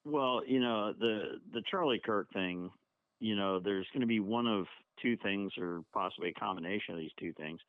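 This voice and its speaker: A man calling in as a podcast guest, speaking in a measured way with many fillers. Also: fairly low pitch, no room sound. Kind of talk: casual political talk. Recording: tinny phone line.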